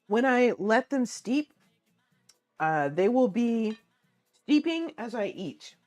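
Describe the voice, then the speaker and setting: Late at night, a woman eats while chatting casually on stream, answering chat and laughing often. Her voice is on the high side, very animated and slow, with a darkish tone, and faint music plays behind her.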